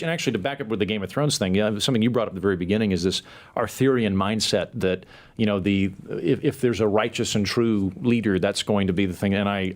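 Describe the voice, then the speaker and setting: A man hosting a podcast in casual chat, talking in quick bursts with stammering restarts and jokey asides. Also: on the low side. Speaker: podcast host.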